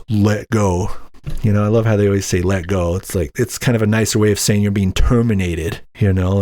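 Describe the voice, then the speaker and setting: Animated man telling a story, dry sound. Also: fairly low pitch, dry recording. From Utah. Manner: animated, acts out quotes in raised voice. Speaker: podcast host. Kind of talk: casual storytelling monologue.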